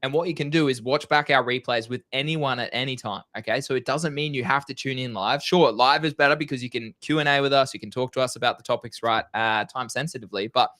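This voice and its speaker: Young aussie guy hyped on a live stream, crisp bright tone, slangy and fast to swear. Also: mid-range voice, dry recording. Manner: energetic, excitable, slangy, swears. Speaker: co-host of a crypto trading stream. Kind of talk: casual live-stream chat.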